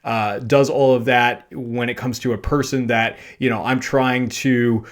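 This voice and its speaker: A man hosting a podcast, telling a personal anecdote in a loose, animated way, full of fillers and self-deprecating laughter. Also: medium pitch, unhurried. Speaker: podcast host. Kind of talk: storytelling monologue.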